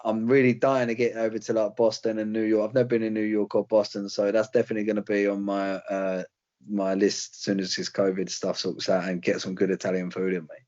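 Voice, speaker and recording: A man's voice: fairly low pitch, flat delivery, a little fast, darkish tone, highs cut off. A young British man, a fighter, chatting casually in an interview, rambling with slang and fillers. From Britain. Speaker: UFC fighter guest.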